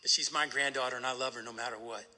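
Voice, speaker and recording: A man speaking at a recovery meeting, telling a personal story in an animated way and often asking "right?". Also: medium pitch, fast talker, long reverb tail.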